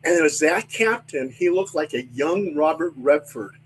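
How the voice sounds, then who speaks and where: An older man with a slightly high voice spins animated stories in loose, profane talk. A faint hiss sits under his voice. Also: moderate pace, low-quality recording. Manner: animated storyteller, swears freely, acts out voices. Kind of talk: casual storytelling chat.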